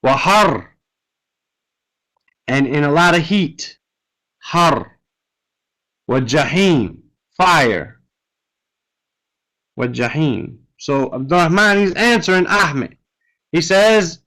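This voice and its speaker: Guy teaching a class online, kinda high voice, slow patient explaining, keeps saying right?. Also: lively intonation, sharp tone, rough recording. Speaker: Arabic teacher. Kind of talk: explaining a reading text. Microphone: computer mic on an online class.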